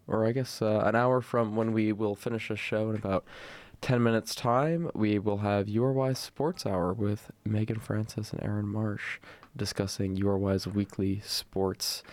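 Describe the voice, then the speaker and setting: A man's voice: lowish voice, no room sound. A young man hosting a student radio show, chatting casually with many fillers. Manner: relaxed, hesitant with fillers.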